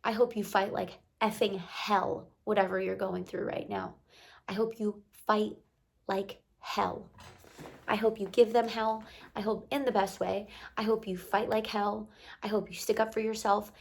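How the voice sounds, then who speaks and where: Gravelly-voiced woman giving an earnest pep talk. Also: mid-range voice, flat delivery, unhurried. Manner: earnest, repetitive encouraging phrasing. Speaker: motivational vlogger. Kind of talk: casual heartfelt pep talk to camera.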